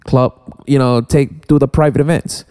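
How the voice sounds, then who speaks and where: A man, a guest DJ, chatting casually and haltingly, with many restarts and "you know". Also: mid-range voice, steady tone, mellow, clean tone. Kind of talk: casual studio chat. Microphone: studio mic.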